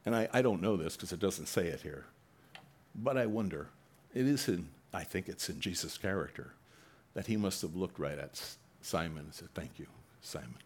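A male pastor preaching a sermon, reading scripture and retelling it dramatically, with sudden loud bursts for the mockers. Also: low voice, normal speed, slight background noise.

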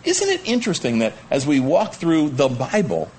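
A man preaching a sermon in a church room, his voice rising and falling widely as he pleads and stresses his points. His pitch sits in the middle for a man, and a faint hum of room ambience runs underneath. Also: moderate pace. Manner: animated, pleading emphasis with wide pitch swings. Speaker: pastor.

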